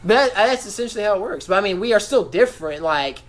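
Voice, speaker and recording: A man's voice: high-pitched, lively intonation, quick pace. A man co-hosting a podcast, talking casually with a profane, rambling manner. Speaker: podcast co-host.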